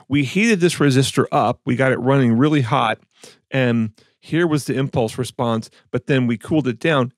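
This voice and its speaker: A man's voice: mid-range voice, gravelly, no room sound, clean studio sound. A man co-hosting an audio podcast, casually and skeptically picking apart claims, rambling with restarts. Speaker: podcast co-host, audio reviewer. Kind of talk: casual chat.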